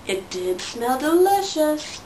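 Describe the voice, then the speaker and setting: A woman reading a picture book aloud to her toddler in a slow, sing-song storytelling voice. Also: high-pitched, very animated, darkish tone, recorded from a distance. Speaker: parent reading to her child. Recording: roomy sound from away from the mic, faint noise.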